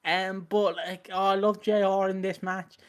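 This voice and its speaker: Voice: mid-range voice, level tone, measured pace, clean tone. A podcast co-host chatting casually about wrestling, rambling with laughs and swearing. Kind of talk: casual chat reviewing a wrestling event.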